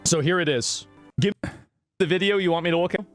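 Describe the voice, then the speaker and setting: A high-pitched male streamer hedges and rambles, leaning on filler words as he reacts to footage. Faint music plays under his voice. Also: a little fast. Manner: hesitant, rambling, full of "like". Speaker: streamer in a played clip. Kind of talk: casual reaction commentary.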